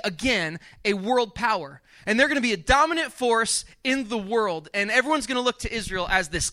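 Conversational male pastor, high and bright, with lots of restarts. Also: dry recording. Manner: conversational and animated, with frequent restarts. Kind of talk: sermon.

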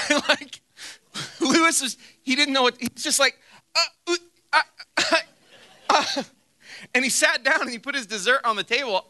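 A man's voice: high voice, sharp tone. A man preaching a sermon as pastor, telling a funny personal story with acted-out quotes before turning to scripture. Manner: storytelling with acted quotes and self-deprecating humor.

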